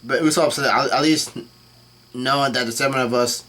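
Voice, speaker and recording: Dude reading a comic chapter out loud for his channel, average pitch, keeps going um and restarting words. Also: normal speed. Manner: reads dialogue aloud flatly, with fillers and self-corrections. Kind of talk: casual live reading and commentary.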